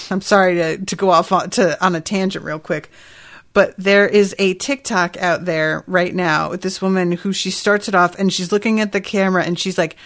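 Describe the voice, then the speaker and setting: A woman's voice: mid-range voice, a bit bright. A woman hosting a podcast, recapping an episode in a chatty way with laughing asides and frequent fillers. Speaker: podcast host.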